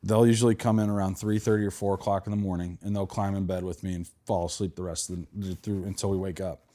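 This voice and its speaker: A man hosting a podcast, chatting in a relaxed way, swearing freely and laughing often. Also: low-pitched, quick pace. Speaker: podcast host. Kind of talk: casual podcast chat.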